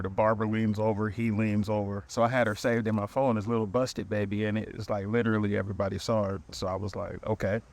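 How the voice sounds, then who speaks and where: A man hosting a podcast, telling a comic dating story in animated, slangy speech. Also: lowish voice, creaky. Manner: animated, slangy, quotes people with voices. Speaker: podcast host. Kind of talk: comedic storytelling.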